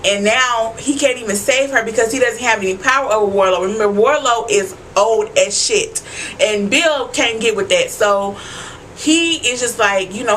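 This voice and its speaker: A high-pitched woman with a bright, sharp tone recapping a TV episode for her viewers. She is animated and slangy, and swears freely as she talks straight to the camera. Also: a little hiss or hum, rough recording. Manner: loud asides and frequent swearing. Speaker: vlogger.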